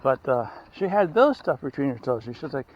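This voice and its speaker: A man's voice: mid-range voice, very animated, brisk, husky, muffled recording. A man outdoors on a hiking trail, giving tips in a casual, rambling vlog and often correcting himself mid-sentence. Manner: rambling, self-correcting, chatty. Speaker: hiker vlogger.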